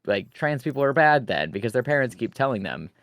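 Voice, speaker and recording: A young man chatting casually as a stream guest, relaxed and agreeable, full of filler words. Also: mid-range voice, fairly quick, creaky, dry recording, clean studio sound. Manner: relaxed, agreeable, filler-heavy, acts out quoted parents. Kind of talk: casual chat.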